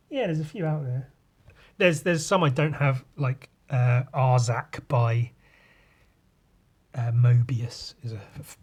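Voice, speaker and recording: Podcast host, male, chatty and profane, voice a touch rough, mid-range pitch. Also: a little mellow. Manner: loose, sweary and rambling, with sighs and asides. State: voice a bit rough today. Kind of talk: casual comic walkthrough.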